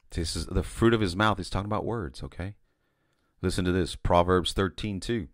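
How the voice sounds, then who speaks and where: A man's voice: low-pitched, moderate pace, no echo, clean studio sound. A man preaching an informal sermon, telling of a vision in a conversational way with frequent restarts and "you know". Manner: conversational, repeats words and restarts, says "you know" often.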